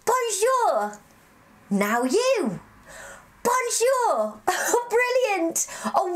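A woman from England hosting a children's show, cheerful and encouraging, speaking slowly and clearly for young children. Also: high voice. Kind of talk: children's TV presenting.

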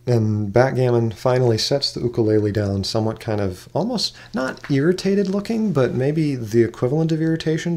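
A man narrating a role-play game casually as game master, in a loose, hesitant way. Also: fairly low pitch. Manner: loose, hesitant, full of "kinda like".

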